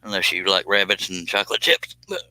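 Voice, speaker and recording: A man's voice: deep voice, sing-song, a little fast, sharp tone, dry recording, poor audio. A man hosting a casual live stream, chatting in a folksy, joking way while he cuts on a scroll saw in his workshop. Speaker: livestream host.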